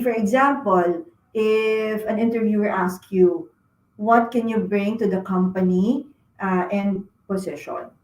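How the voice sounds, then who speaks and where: A woman's voice: mid-range voice, reverberant, low-quality recording. A woman giving interview advice to students, with lots of fillers and frequent "okay?" check-ins. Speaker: career talk speaker. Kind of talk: career advice talk to students.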